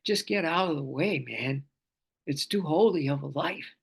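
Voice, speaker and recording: A man's voice: fairly high pitch, moderate pace, creaky, husky. A man teaching a scripture class, fervent in manner, often repeating phrases and stretching out chanted vowels. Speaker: spiritual teacher.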